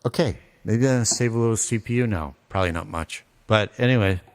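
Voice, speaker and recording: Low-voiced man thinking aloud while mixing. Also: quick pace, clear, resonant tone. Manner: rambling, thinking aloud, self-deprecating. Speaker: home music producer streaming his mixing session. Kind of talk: casual live-stream talk while mixing. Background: faint music playback from his mix.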